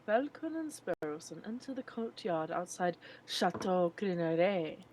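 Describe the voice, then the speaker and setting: A woman's voice: on the low side, expressive, a little mellow, a little hiss or hum. A woman putting on a formal British narrator voice to read a game's story text aloud. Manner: measured, formal storybook reading. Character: formal British female narrator, calm and measured.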